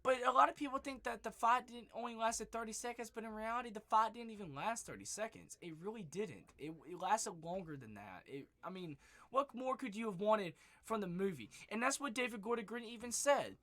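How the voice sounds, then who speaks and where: A man excitedly retelling a movie plot in a rambling, profane spoiler review, his voice going hoarse. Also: high voice, brisk. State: losing his voice. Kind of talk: casual spoiler review monologue. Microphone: webcam.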